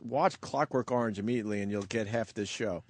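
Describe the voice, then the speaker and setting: A man's voice: fairly low pitch, a little fast, no echo. A man hosting a talk radio show, laughing along and bringing on callers. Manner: laughing, takes calls. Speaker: radio host.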